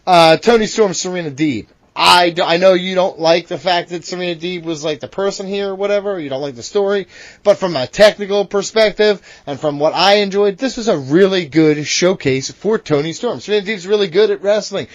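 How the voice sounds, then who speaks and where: A man's voice: high-pitched, brisk, no room sound, lo-fi sound. A man co-hosting a wrestling podcast, brash and teasing, swearing freely in casual banter. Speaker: podcast co-host.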